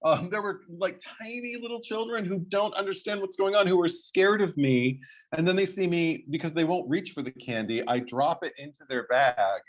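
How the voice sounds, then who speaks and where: Animated, storytelling man, lo-fi sound. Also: moderate pace. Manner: animated storytelling, jumps high for quoted voices; swears freely. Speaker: podcast co-host. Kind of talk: casual chat. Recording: slightly dull lo-fi sound.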